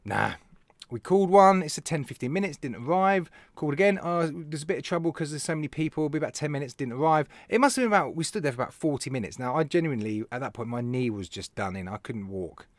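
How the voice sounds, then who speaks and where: A man with a British accent hosting a casual live stream, telling stories in an animated way, laughing and talking to viewers by name. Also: a little high, fast talker, no echo. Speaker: live show host, vape reviewer.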